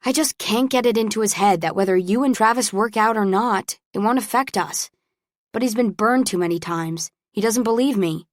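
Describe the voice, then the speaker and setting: A woman's voice: medium pitch, moderate pace, no room sound, clean studio sound, close to an everyday voice. A woman voicing a pushy, upbeat young college woman who teases and meddles in an audiobook. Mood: teasing.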